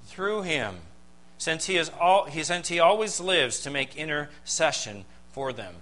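Bright-voiced man preaching emphatically. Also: on the high side, expressive, low-quality recording. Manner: emphatic preaching with dramatic pauses and rhetorical questions. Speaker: pastor. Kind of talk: sermon.

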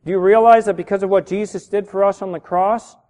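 A middle-aged man pastor preaching a sermon, animated and building to shouts on key words. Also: high voice, quick pace. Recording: reverberant hall.

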